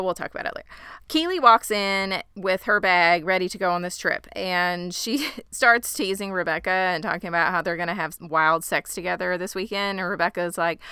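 A woman's voice: fairly low pitch, bright, forceful tone, smooth, no room sound, studio quality. A woman co-hosting a casual chat, summarizing scenes from her notes in a conversational way. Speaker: podcast co-host. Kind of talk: casual chat recapping a show.

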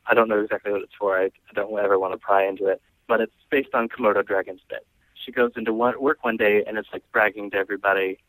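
A young man appears as a guest storyteller, casually sharing funny stories about a friend, chatty and laughing as he goes, with frequent restarts. His voice sits on the low side with a fairly bright tone, on a dry, poor-quality recording.

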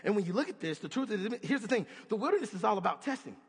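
A man's voice: sits high, sing-song, fast, slightly rough. A man preaching a sermon in a conversational, emphatic way, putting questions to his listeners. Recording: long hall reverb.

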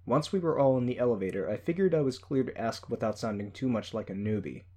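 A man reading a first-person story in a steady, measured way. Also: medium pitch. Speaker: audiobook narrator. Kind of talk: scripted first-person narration.

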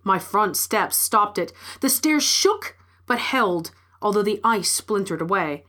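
A woman's voice: mid-range voice, animated, unhurried, fairly bright tone. Woman narrating a story wryly. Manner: wry first-person storytelling. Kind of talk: scripted narration.

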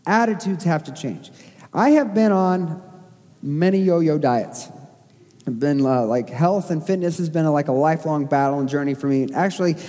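A man's voice: fairly high pitch, normal speed, mellow. A male pastor from Missouri preaching a sermon in a conversational way, with self-deprecating asides and frequent fillers. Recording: long church hall reverb.

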